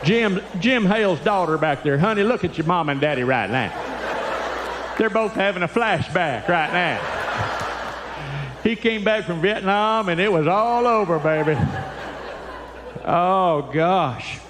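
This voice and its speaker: A man, a Christian comedian doing folksy, animated stand-up storytelling. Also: high voice, a little slow, pauses often, noisy background. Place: church hall. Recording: echoey hall, faint ambience.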